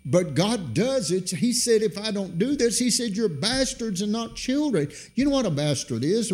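Sudden spikes in pitch and loudness mark this middle-aged man's sermon as he presses each point home.

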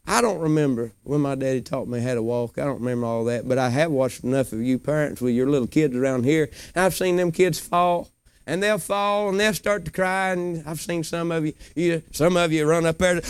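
A man preaching a sermon in a folksy way, rising now and then to emotional shouts. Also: a little high, steady tone, fairly quick, smooth, dry recording.

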